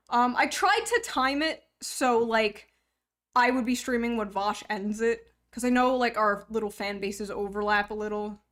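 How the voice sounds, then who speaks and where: A woman's voice: fairly high pitch, takes it slowly, fairly bright tone. A young woman streamer chatting casually to her viewers, joking, rambling and poking fun at herself. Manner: joking, rambling, self-mocking. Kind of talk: casual live-stream chat.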